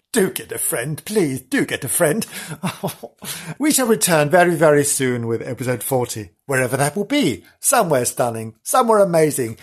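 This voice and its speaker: Male podcast host, husky, lively ups and downs, chatty and self-deprecating. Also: a little high. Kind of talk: casual podcast sign-off.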